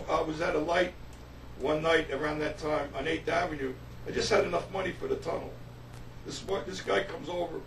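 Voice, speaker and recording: Older-style storyteller: man with a high voice, animated anecdote, distant roomy mic. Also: creaky. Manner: animated, repeats himself, laughs as he tells it. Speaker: musician telling a story. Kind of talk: casual anecdote. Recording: roomy, distant, faint hiss.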